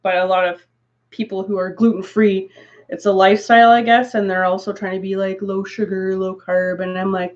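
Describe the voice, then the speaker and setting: A woman's voice: medium pitch, little pitch movement, normal speed. A woman chatting casually to viewers on a craft livestream, rambling through asides and laughing often. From Canada. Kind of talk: casual live chat. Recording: dull lo-fi stream audio.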